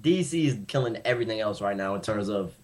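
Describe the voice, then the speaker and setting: A man's voice: on the low side, expressive, fast. Hesitant man groping for names. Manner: hesitant, loses track of names. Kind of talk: casual chat.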